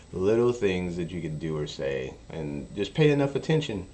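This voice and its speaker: A man streaming poker and chatting casually, an animated storyteller who acts out quotes. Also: low-pitched, a little hiss or hum. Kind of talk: casual chat while streaming. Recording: faint music behind. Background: faint music.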